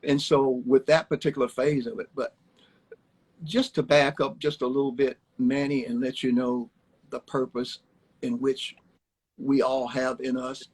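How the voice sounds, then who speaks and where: This older man from Alabama used to play ball and now guests on a home livestream, chatting through loose, homespun stories and repeating himself. His mid-range voice is level, unhurried and darkish with a breathy edge. A phone on the live video stream captures it in low quality.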